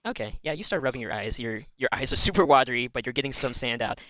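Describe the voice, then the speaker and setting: A man's voice: medium pitch, expressive, quick pace, sharp tone, slight background noise, poor audio. A man narrating as game master in a tabletop role-playing game, laid-back and laughing often.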